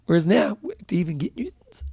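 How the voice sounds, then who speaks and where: A New man co-hosting a podcast in casual chat, animated and rambling, often breaking into laughs. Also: a little high, quick pace, creaky, husky, dry recording, studio quality. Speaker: podcast co-host.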